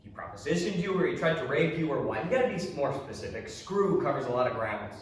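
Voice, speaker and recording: A man's voice: fairly high pitch, expressive, fast talker, slight background noise, lightly acted. A young man acting on stage as a reserved, protective mentor whose clipped, guarded talk breaks into angry outbursts. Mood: probing. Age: young adult. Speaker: student actor. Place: theater stage. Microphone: far camera. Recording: echoey stage heard from far off.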